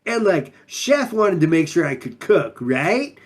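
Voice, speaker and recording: Chill surfer-dude undine monk, drawly, bouncy pitch, a player voicing him, kinda husky. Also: sing-song, a little slow. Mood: laid-back. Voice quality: drawling surfer slang, lots of "like" and "man". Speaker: player character. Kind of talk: improvised in-character interview.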